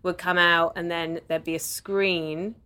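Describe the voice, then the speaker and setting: A woman's voice: fairly low pitch, level tone, a little slow, sharp tone, clear, resonant tone. A woman with a southern English accent hosting a podcast in a chatty, playful way, often laughing. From southern England. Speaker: podcast host. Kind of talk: casual chat.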